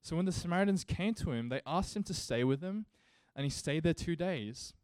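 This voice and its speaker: A man's voice: a little high, lively intonation, fairly quick, darkish tone, clean tone, dry recording. A male pastor preaching a sermon earnestly, building to emphatic rhetorical questions.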